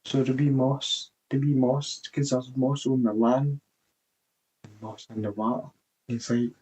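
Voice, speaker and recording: Slow, husky man rambling. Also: medium pitch, flat delivery, a little mellow, poor audio. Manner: meandering, swears casually. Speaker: vlogger. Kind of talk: rambling casual chat.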